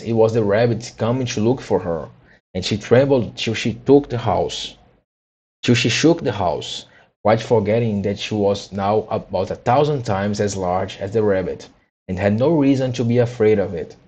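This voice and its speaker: A man reading a children's book aloud, halting with frequent restarts and repeated words. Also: fairly low pitch, darkish tone, slightly rough. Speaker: audiobook reader.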